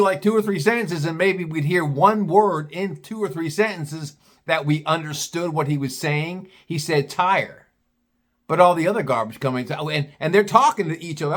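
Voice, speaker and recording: A man's voice: fairly high pitch, fairly quick, fairly bright tone. A man telling a casual personal story, rambling with many restarts and blunt swearing.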